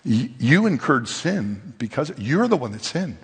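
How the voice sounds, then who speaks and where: A male pastor preaching a sermon in an animated, conversational way, full of rhetorical questions. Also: mid-range voice, a little slow, husky, big-room sound. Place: church sanctuary.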